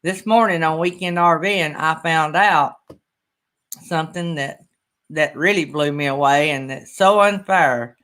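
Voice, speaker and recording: A man's voice: fairly high pitch, measured pace, pushed and bright. A middle-aged man, hosting a casual livestream chat in a rambling, folksy, emotional way. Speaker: channel host.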